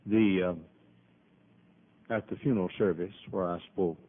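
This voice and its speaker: A man's voice: deep voice, fairly even intonation, unhurried. A man preaches a sermon over a PA microphone, talking in a folksy, emphatic way and stopping often to cough. The audio is narrow and tinny, like a phone line. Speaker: pastor. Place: church auditorium with PA system.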